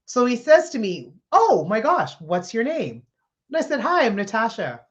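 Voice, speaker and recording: A woman guest, a comedian, telling a funny story in conversation with lively laughter. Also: fairly high pitch, moderate pace. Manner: animated, laughing as she tells the story. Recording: slightly dull lo-fi sound.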